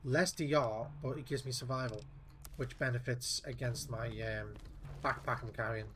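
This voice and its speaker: A man's voice: mid-range voice, steady tone, normal speed, noisy background. A man giving casual gameplay commentary, muttering to himself in an offhand and profane way. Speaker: gameplay streamer.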